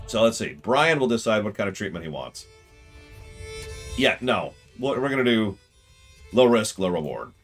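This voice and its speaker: A man giving casual gameplay commentary on a stream, his voice rising and falling in a lively, animated way. He jokes a lot and sarcastically talks back to the game's characters. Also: fairly low pitch, moderate pace, pauses often, soft background music.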